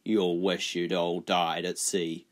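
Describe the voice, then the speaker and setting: A man's voice: deep voice, little pitch movement, slow, voice pushed down. A man voicing a cruel, bullying people smuggler in an audiobook, sneering and threatening. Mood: menacing. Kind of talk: audiobook character voice.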